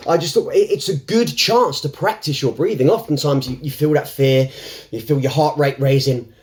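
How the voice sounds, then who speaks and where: A man's voice: mid-range voice, a little mellow, slight background noise. A man talking to camera in an unscripted, reflective way. He rambles, restarts often and laughs between thoughts. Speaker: self-help vlogger.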